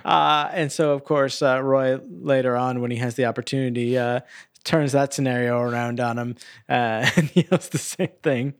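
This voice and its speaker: A man with a mid-range voice talking through a movie on a podcast. He explains in a halting, rambling way, recorded close and dry. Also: mid-range voice, fairly even intonation, dry recording. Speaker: podcast co-host. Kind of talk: casual movie review chat.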